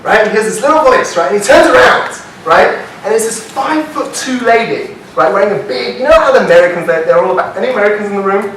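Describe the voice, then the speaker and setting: A man telling a story to a live audience at a business workshop, animated and constantly checking in with "right?" as he asks the room questions. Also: high-pitched, fast talker, hardly any pauses. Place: hall with a seated audience. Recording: very echoey hall, mic far off, faint hiss.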